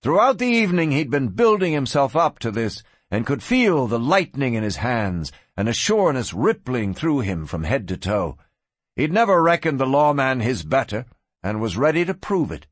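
A man giving a measured, scripted audiobook narration of a western story. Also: medium pitch, sing-song, husky, no room sound.

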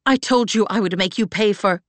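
A woman voicing a fierce, battered woman librarian who talks in a sharp, snarling way that cracks with emotion. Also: mid-range voice, normal speed, no room sound, voice pushed up, close to an everyday voice. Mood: furious.

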